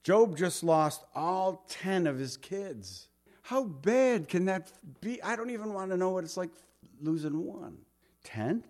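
A man preaching a verse-by-verse sermon in a conversational, emphatic way, reading scripture aloud and often dropping to a soft murmur. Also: high voice, expressive, measured pace. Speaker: pastor.

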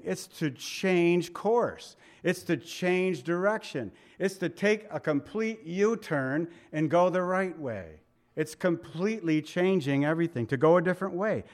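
A middle-aged male pastor preaching a conversational sermon, often putting questions to his listeners. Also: fairly high pitch. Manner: conversational, asks the congregation questions.

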